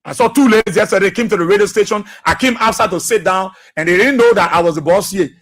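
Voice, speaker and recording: A man with a Liberian accent hosting political talk radio, impassioned and repetitive, with a husky voice. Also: high-pitched, fast talker, a bit bright. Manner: repetitive, impassioned, laughing jabs at opponents. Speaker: radio station boss and talk show host.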